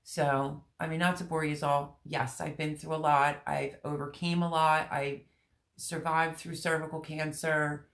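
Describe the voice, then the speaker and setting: A middle-aged woman hosting a gardening channel, chatting candidly and emotionally with her viewers, rambling with many pauses. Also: low voice, flat delivery, creaky, a bit bright. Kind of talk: personal vlog chat with live viewers.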